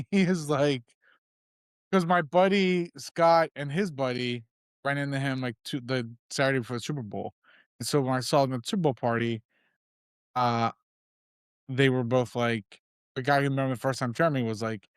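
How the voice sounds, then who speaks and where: A man's voice: medium pitch, moderate pace, clear, resonant tone, no room sound, clean studio sound. A man co-hosting a podcast in casual chat, telling rambling stories full of fillers and quoted asides. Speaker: podcast co-host.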